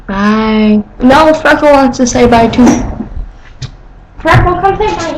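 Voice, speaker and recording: A woman's voice: high-pitched, animated, slow, echoey room, a little hiss or hum, low-quality recording. A woman with an American accent, chatting playfully to camera while talking to her pet cat at home. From United States. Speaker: vlogger. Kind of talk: casual chat to camera.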